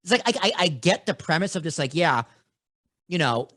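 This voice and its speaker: A man's voice: a little high, expressive, a little fast, a bit bright, dry recording, clean studio sound. A man in his thirties with a Boston accent, hosting a podcast interview in a brash, blunt, casual way. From Boston, USA. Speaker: podcast host. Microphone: studio microphone.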